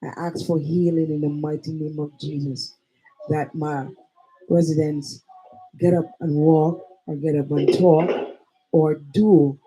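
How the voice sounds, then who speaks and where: A woman hosting a live show, talking with a preachy, drawn-out emphasis. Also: low-pitched, little pitch movement, dark tone, slightly rough, low-quality recording. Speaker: show host. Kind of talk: live radio-style chat.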